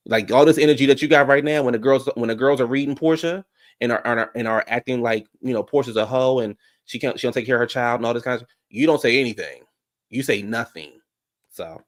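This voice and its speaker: A man recapping a reality show in casual commentary, sassy and profane, talking straight to his viewers. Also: medium pitch.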